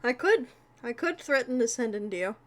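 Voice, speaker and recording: A woman's voice: on the high side, lively intonation, moderate pace. A woman live streamer giving casual gameplay commentary, chatty and talking to herself as she pleads with the game.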